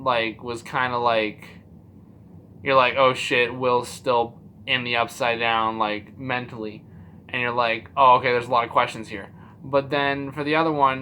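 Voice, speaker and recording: Bright-voiced animated male TV reviewer. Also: mid-range voice, a little hiss or hum. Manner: animated, acts out his own reactions in quotes; loose and profane, many fillers. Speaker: TV series reviewer. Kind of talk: casual spoiler review chat.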